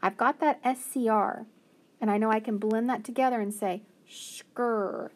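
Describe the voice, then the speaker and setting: A woman's voice: on the high side, steady tone. A woman teacher giving a phonics lesson to young children, patiently sounding out each word. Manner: slow, patient, sounding out words.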